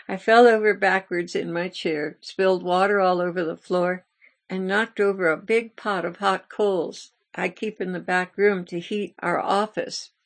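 A woman hosting a ministry channel, telling a story in an earnest, confessional way as part of a devotional message. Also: mid-range voice. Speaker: ministry host.

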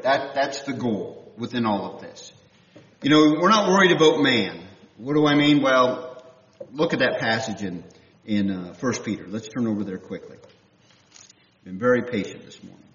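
A man's voice: mid-range voice, a little slow. A man from Canada preaching a conversational sermon, full of restarts and questions to his listeners. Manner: animated, with frequent restarts and questions to the audience. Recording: echoey room from a distance, dull sound.

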